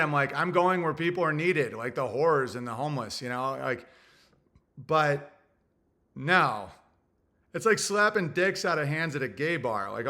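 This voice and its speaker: A young man hosts his own livestream, rambling crudely as he thinks out loud and reads viewer messages. His voice sits a little high for a man, with a sharp, bright edge to it. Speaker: livestream host reading super chats. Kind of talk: casual livestream rant.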